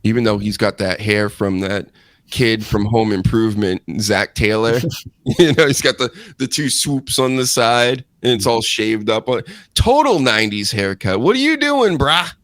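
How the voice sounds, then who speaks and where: A man's voice: lowish voice, lively intonation, moderate pace, dry recording. A man hosting a casual wrestling chat show, rambling and joking, laughing often. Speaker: podcast host.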